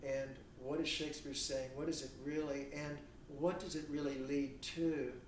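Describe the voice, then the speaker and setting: A man's voice: a little high, level tone, normal speed, slight background noise. A man giving a lecture who asks rhetorical questions and acts out imagined dialogue. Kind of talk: recorded university lecture. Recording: echoey room, mic at a distance.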